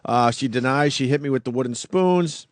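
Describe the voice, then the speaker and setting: A man's voice: medium pitch, normal speed, no echo. Wry, blunt male radio host. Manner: wry, blunt, swears casually. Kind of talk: casual radio banter. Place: radio studio. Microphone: studio microphone.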